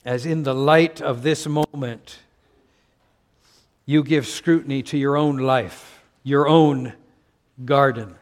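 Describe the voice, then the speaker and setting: A man's voice: mid-range voice, steady tone, takes it slowly, long pauses. An older man from Canada, a pastor preaching a sermon with earnest emphasis and frequent stammered restarts.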